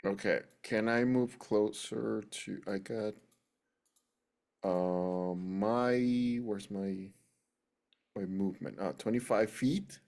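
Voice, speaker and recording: A man playing in a tabletop game, playful and casual, with sound effects thrown in. He speaks very slowly in a low, gravelly voice. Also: fairly even intonation, darkish tone. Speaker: player.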